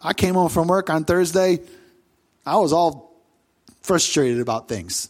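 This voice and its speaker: A male pastor delivers a sermon with a notably high voice. He tells the story with plenty of animation and bursts into loud, acted-out quotes. He sounds middle-aged. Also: animated, a little slow.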